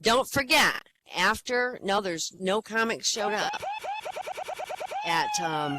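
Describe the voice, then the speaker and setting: A woman's voice: fairly high pitch, wildly swooping pitch, takes it slowly, background noise. Chatty woman hosting an online comedy night. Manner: chatty, rambling, with hesitant fillers. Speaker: comedy open-mic host. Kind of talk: casual joke-telling. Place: online virtual-world voice chat.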